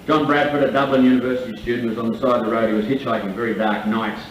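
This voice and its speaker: Bloke mc cracking sweary jokes, boomy hall sound from a distant mic, bit muffled. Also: male voice, fairly even intonation, racing, a little hiss or hum. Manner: profane, storytelling. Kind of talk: stand-up emcee telling jokes. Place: large function room at a lunch. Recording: echoey live room from far off, dull.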